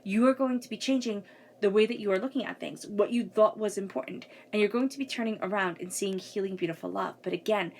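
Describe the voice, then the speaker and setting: Woman tarot reader, meandering intuitive delivery, mid-range voice, quiet background hum. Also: mid-range voice, fast talker. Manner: flowing, searching, repeats words, soft asides. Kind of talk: spoken tarot reading.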